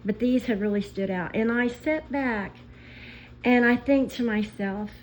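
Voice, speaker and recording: A woman vlogger telling stories in an emotional, indignant rant, pausing as she speaks. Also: on the high side, a little hiss or hum, rough recording. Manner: indignant, impassioned storytelling with pauses. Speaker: commentary vlogger.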